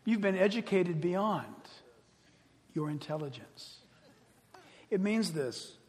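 A man preaching a sermon in an animated storytelling manner, often laughing as he talks. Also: high voice, slow pace. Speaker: pastor. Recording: long hall reverb.

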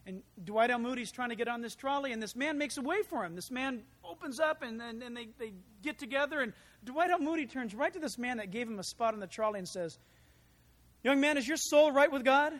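A man preaching a sermon in an animated, conversational way, full of asides and rhetorical questions. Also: very high-pitched, fast, few pauses. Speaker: pastor.

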